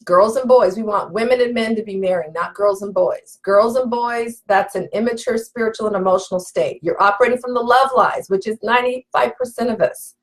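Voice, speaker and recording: A woman's voice: fairly high pitch, brisk, hardly any pauses, low-quality recording. A woman relationship coach teaching live, emphatic and preachy, repeating her key points and calling out to viewers. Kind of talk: live-stream teaching, reading viewer comments.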